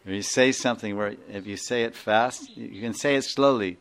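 A man's voice: lowish voice, fairly quick, fairly bright tone, smooth. A man with an Indian accent, a spiritual teacher giving an informal class, rambling, chuckling and often asking his listeners to confirm.

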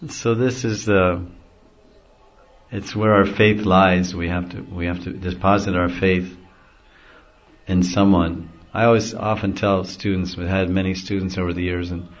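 A man's voice: sits low, level tone, a little slow. A middle-aged man, a spiritual teacher, giving an easygoing devotional talk and chuckling often as he explains. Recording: dull lo-fi recording.

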